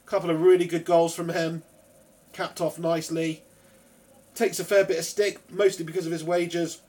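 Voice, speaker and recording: A man's voice: on the high side, little pitch movement, normal speed, darkish tone. A man hosting a casual football watch-along stream, joking around and reading viewer comments aloud. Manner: jokey, laddish, reads viewer comments aloud. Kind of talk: casual live match commentary and banter.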